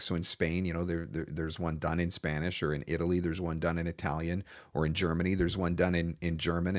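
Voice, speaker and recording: A man's voice: sits low, no echo, clean studio sound. A man hosting a live-stream Q&A, giving casual voice-over business advice in a loose, chatty way with frequent restarts.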